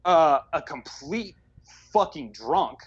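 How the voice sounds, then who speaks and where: Husky, blunt man on a lo-fi podcast. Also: fairly high pitch, very animated, takes it slowly. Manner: blunt, profane and sarcastic. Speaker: podcast co-host reviewing movies. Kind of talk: casual chat.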